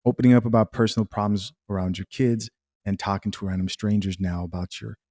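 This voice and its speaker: A man's voice: lowish voice, fairly even intonation, fast, dark tone. A man giving blunt, judgmental reaction commentary on a clip, repeating words for emphasis.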